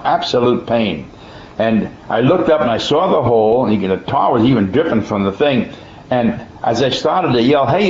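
A man tells a personal testimony in a plainspoken, folksy way, earnest and emphatic, stumbling over and restarting his words. His voice sits at an ordinary middle pitch. The recording is dull and muffled, with a noticeable echo from the room.

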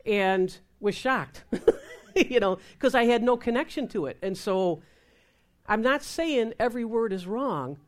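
A woman's voice: on the high side, measured pace. Woman ministry speaker, storytelling testimony, voices the quotes. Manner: lively, acts out dialogue in quoted voices.

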